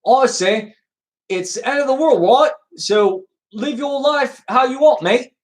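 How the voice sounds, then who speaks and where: A brash, carefree Irish fellow, as a man puts him on in a mock-Irish lilt. He pitches the voice up well above his usual, breezy and dismissive. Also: measured pace.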